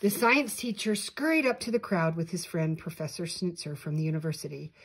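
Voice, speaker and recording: An older woman, a grandmother, reading a picture book aloud with animated delivery and small slips. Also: on the low side, fairly quick, slight background noise. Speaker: storyteller grandmother.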